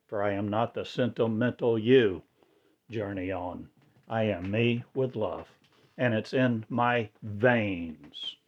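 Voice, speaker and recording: A man delivering a rambling spiritual monologue in halting, oddly inverted phrasing. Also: fairly low pitch, highs cut off.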